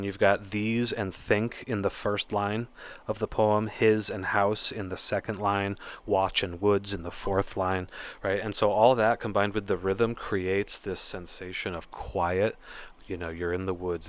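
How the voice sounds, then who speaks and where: A man giving a casual spoken poetry lesson, explaining in a relaxed way with occasional fillers. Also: lowish voice, a little slow. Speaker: poetry teacher.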